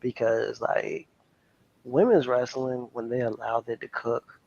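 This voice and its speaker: A man's voice: mid-range voice, measured pace, gravelly, darkish tone. A man co-hosting a podcast, talking in a laid-back, emphatic casual way. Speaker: podcast co-host. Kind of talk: casual chat. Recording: dull mic with audible noise.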